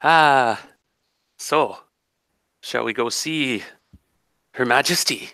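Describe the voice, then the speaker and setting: A man's voice: mid-range voice, very slow, sharp tone, no echo, pitched above the performer's own voice, heavily acted. A man voicing a laughing, playful woman guide with a strange foreign accent, in a tabletop game. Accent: strange foreign lilt.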